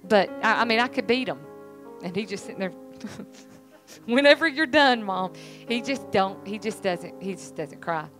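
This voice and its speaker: A middle-aged woman with a drawl speaks to a church congregation, earnest and emphatic, circling back on her phrases. Her voice sits at an ordinary pitch, with soft music faintly underneath. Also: moderate pace, poor audio. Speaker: church speaker, pastor's family. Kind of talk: church testimony talk.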